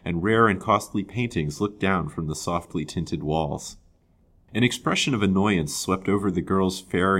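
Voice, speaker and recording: Deep-voiced male narrator for a serialized period novel, measured delivery. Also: fairly bright tone. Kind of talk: audiobook story reading.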